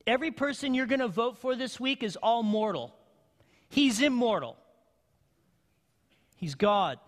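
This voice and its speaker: A male pastor preaching a sermon in a church, with emphatic call-and-response and slow, deliberate phrasing. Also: very high-pitched, animated. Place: church sanctuary. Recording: long hall reverb.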